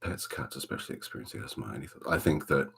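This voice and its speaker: A man with a Welsh accent hosting a relaxed ASMR livestream from a dark room at home, chatting softly and greeting viewers by name. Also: a bass voice, rapid-fire, vocal fry, a little hiss or hum. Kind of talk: soft-spoken ASMR chat.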